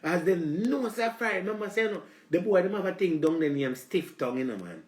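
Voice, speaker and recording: A man's voice: high-pitched, animated, fast talker, echoey room. A man with a Jamaican accent hosting a live stream, rambling in a preachy, comic rant aimed at his female viewers. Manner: preachy, repeats "let me tell you", addresses the ladies.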